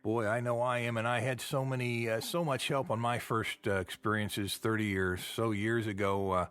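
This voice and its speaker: A man's voice: fairly low pitch, steady tone, normal speed, fairly bright tone, smooth. A man hosting a genealogy show, talking in a folksy, chatty way with a lot of fillers. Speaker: podcast host. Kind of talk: casual chat.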